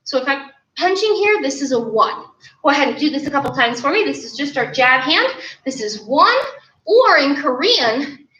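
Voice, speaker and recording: A young woman teaching an online kids' martial arts class, energetically calling out drill commands. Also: high voice. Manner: energetic, calls out drill commands with bursts of laughter. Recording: roomy, distant, dull sound.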